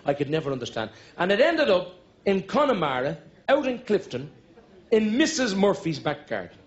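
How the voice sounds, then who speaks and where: Irish comedian spinning rambling stories on stage. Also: male voice, sits high, very animated, moderate pace. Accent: Irish, Dublin. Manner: rambling anecdotal delivery, swings to loud shouting punchlines. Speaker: stand-up comedian. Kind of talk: stand-up storytelling. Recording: dull live recording with audience laughter. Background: audience laughter.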